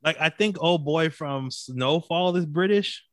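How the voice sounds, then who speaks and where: A man in casual conversation as a podcast co-host, animated and opinionated, laughing often. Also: a little high, a little slow, no echo. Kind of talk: casual chat.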